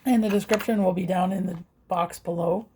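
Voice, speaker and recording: A woman's voice: fairly low pitch, fairly even intonation, a little fast, warm tone, a little hiss or hum. A woman vlogger chatting casually and hesitantly as she unboxes and reviews craft supplies. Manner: chatty, hesitant, with fillers and self-corrections.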